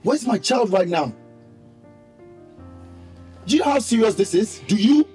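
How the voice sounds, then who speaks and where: A man's voice: sits high, animated, measured pace, darkish tone, breathy edge, soft background music, exaggerated voice. A furious betrayed young father. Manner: accusing, repeats demanding questions. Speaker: son confronting his mother. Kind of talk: TV drama acting.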